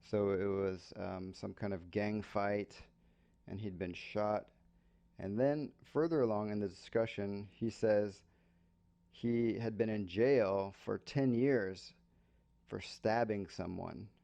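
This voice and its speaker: A man's voice: on the low side, takes it slowly, creaky, warm tone, dull audio. An American man hosting an English-learning podcast, telling a casual story and stopping to explain slang for learners.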